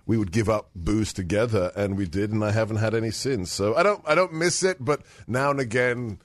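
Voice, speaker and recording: UK-raised man with a low voice, lively chat co-host, dry sound. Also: fairly quick, no room sound. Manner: animated, laughing, mimics voices in his stories. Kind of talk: casual storytelling chat.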